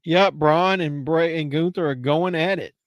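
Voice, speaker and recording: Excitable man heckling a live watch-along. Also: a little high, no echo, lo-fi sound. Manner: excitable, blunt and heckling, with quick asides and swearing. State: losing his voice. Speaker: host of a wrestling watch-along stream. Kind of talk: casual live reaction commentary.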